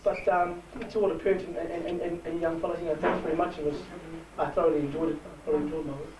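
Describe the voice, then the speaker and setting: A man with a New Zealand Māori accent, giving a halting, heartfelt speech to a rugby team. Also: a little high, level tone, slight background noise. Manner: halting, warm-hearted, switches between Māori and English. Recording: echoey room from far off.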